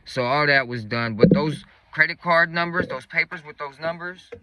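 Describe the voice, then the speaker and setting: A man's voice: fairly high pitch, moderate pace, a crowd in the background, poor audio. A man telling a story from his own life in casual street slang, acting out the quoted voices of the people in it.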